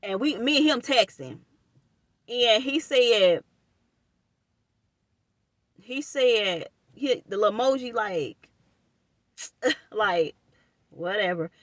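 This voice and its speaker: A young woman, telling a personal story to her viewers in an animated, casual way and calling them y'all. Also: on the high side, takes it slowly, pauses often, no echo, clean studio sound.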